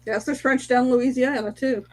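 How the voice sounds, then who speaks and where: A woman co-hosts a casual livestream with a somewhat high voice. She reads out viewers' names and guesses briskly. Her delivery is plain and matter-of-fact. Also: steady tone, a little mellow. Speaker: co-host reading viewer comments.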